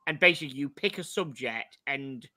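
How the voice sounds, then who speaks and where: A man co-hosting a casual chat, blunt and excitable, swearing freely. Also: medium pitch, fairly quick. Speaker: co-host.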